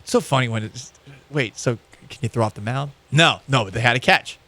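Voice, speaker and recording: Guy hosting a sports chat, joking about himself, bright tense voice. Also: medium pitch, a little fast. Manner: rambling, self-mocking storytelling. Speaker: sports podcast host. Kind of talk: casual chat.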